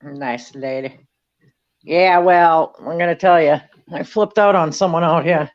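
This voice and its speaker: A woman's voice: low voice, unhurried, no echo, lo-fi sound. A woman from New Hampshire with a strong Boston accent, chatting casually and bluntly. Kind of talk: casual chat.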